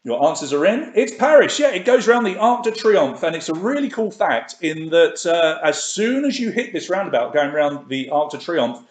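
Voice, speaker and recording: Guy running an online quiz, kinda high voice, chatty, reads the options twice, roomy echo. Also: very animated, normal speed, hardly any pauses. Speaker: quiz host. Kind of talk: live online quiz hosting.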